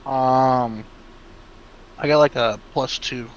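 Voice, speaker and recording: A man's voice: mid-range voice, fairly even intonation, takes it slowly, lo-fi sound, noisy background. A man playing a tabletop role-playing game who sounds sleepy and distracted. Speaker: player. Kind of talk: casual chat.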